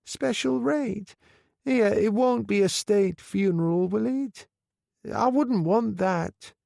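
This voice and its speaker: A man voicing a frail, grateful old widow with a high, thin, quavering voice, in an audiobook reading. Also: slow, creaky, mellow, dry recording, clean studio sound, exaggerated voice.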